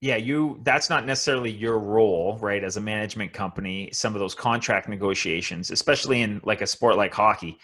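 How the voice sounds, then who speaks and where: A man's voice: lowish voice, brisk, hardly any pauses, fairly bright tone. Male podcast host asking easygoing questions. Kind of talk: casual interview chat.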